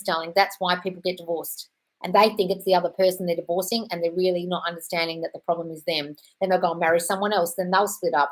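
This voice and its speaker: A woman's voice: on the low side, a bit bright. A young British woman hosting a casual live Q&A, blunt and swearing freely, calling listeners darling. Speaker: host answering viewer questions.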